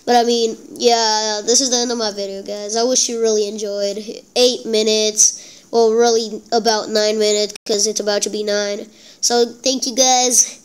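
A woman giving casual gameplay commentary, excitable and self-deprecating, talking straight to her viewers. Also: fairly high pitch, moderate pace, clear, resonant tone, low-quality recording. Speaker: gameplay channel host.

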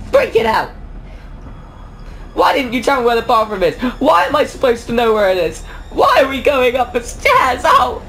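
A man's voice: very high-pitched, fairly bright tone, slight background noise. A young man commenting on a horror video game, jumpy, yelping and talking back at the characters. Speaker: gaming YouTuber.

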